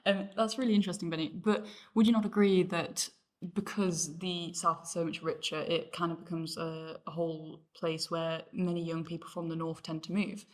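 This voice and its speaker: A young woman from the North of England with a low voice hosts a casual discussion. She talks earnestly and steadily, with frequent fillers. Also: level tone, normal speed. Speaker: host.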